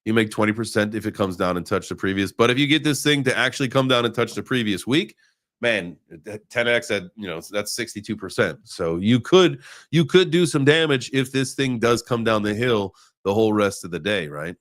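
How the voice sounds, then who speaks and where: This man hosts a live crypto stream and talks in a loose, joking way, full of sarcasm and fillers. His voice sits a little low for a man. He calls out viewers by name between chart readings. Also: animated, brisk, a bit bright. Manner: rambling with many fillers while reading charts. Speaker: crypto livestream host. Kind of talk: casual live market chat.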